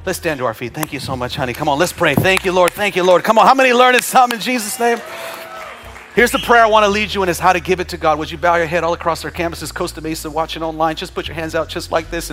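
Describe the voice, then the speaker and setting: A fairly high, bright male voice delivers a church sermon with playful humor and call-and-response. He swings from loud, fast outbursts to a hushed, slow voice while leading the room in prayer. Faint music sits behind him. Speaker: pastor. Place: church with several campuses, also streamed online.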